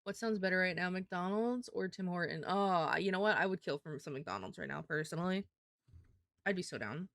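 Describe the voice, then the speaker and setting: A woman's voice: fairly low pitch, moderate pace, vocal fry, fairly bright tone, no echo. A woman streamer chatting casually and thinking aloud while she draws. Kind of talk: casual live-stream chat while drawing.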